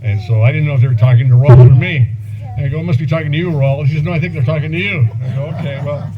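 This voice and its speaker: A man's voice: on the high side, fast talker. A man in his seventies giving a eulogy for an old friend at a memorial gathering, rambling through anecdotes with chuckles and fillers. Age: 70s. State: voice breaking with emotion at times. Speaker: eulogy speaker, old friend and former police partner. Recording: muffled event recording with loud background noise.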